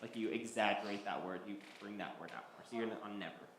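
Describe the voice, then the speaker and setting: A man's voice: lowish voice, quick pace, a bit bright. A man teaching a Bible study class, talking loosely with many ums and restarts. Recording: echoey hall, faint background noise.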